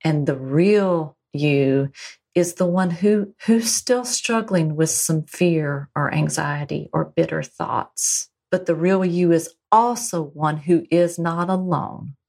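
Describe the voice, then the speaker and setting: Slow, low-voiced woman speaking reassuringly. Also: darkish tone. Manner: slow, tender and reassuring, lingers on key phrases. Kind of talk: reflective spiritual conversation.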